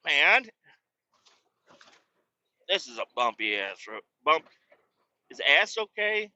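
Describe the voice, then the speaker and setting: A man hosting a casual solo podcast from a moving vehicle, rambling and joking with bursts of shouting. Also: a little high, very animated, slow, long pauses, no echo, dull audio. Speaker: podcast host. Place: moving vehicle on a bumpy road.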